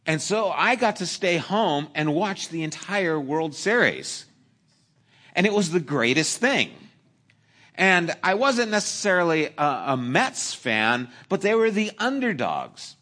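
A male pastor delivering a sermon, telling a childhood story in an animated, humorous way with asides to the congregation. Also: fairly high pitch, unhurried.

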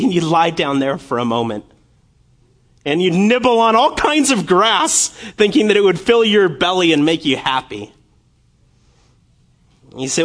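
A man preaching a sermon as a guest speaker, passionate and building from quiet to fervent, often repeating and restarting his words. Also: high-pitched, expressive, a little slow.

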